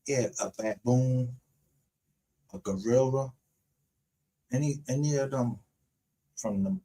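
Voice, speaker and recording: A man's voice: medium pitch, mellow, slightly rough. A man hosting his own livestream show, ranting in a heated, profane and confrontational way. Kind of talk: unscripted livestream rant.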